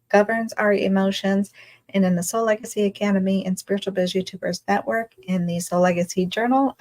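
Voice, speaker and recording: A woman's voice: medium pitch, rough recording. Bubbly woman hosting a self-care livestream. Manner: bubbly, effusive, greets viewers, reads comments aloud. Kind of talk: casual livestream chat.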